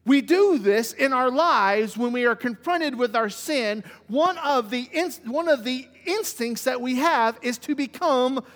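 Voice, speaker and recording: High-voiced man preaching in a reverberant hall. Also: animated, measured pace, hardly any pauses, fairly bright tone. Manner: conversational preaching with vivid everyday examples. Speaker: pastor. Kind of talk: sermon. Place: church sanctuary.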